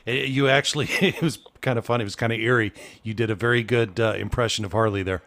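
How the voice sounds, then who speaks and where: A man's voice: on the low side, steady tone, fast, a bit bright. A man hosting an internet radio show, reacting and asking short questions in a casual interview.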